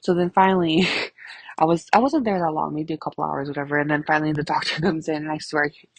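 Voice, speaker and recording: A woman's voice: low-pitched, fast, no echo. A woman in her thirties hosting her own podcast, telling stories casually, swearing a lot and laughing often. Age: 30s. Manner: profane, laughing, animated storyteller. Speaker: podcast host. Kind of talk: casual storytelling monologue.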